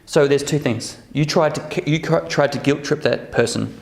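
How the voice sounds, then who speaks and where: A man leads a relaxed workshop, his fairly high voice carrying a gravelly edge. He keeps checking in with the group through quick tag questions. The recording sounds roomy and echoey, with faint music underneath. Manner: chatty, checks in with the group using frequent "okay?" and "right?". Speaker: workshop presenter. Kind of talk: casual workshop talk to a live group.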